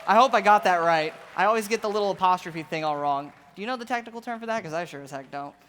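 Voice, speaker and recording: A man's voice: sits high, fast talker, fairly bright tone. A tired man co-hosting a convention closing ceremony, teasing his partner and reading sponsor names. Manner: teasing, playful jabs at co-host. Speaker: convention co-host on stage. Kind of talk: live stage banter. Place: large convention hall stage. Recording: convention hall with crowd noise. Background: crowd and room noise.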